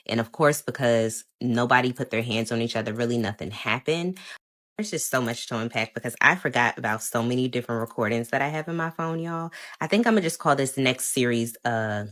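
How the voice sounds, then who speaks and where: A woman telling a story about her marriage to viewers in a casual, animated, emphatic way. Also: extremely low pitch, brisk.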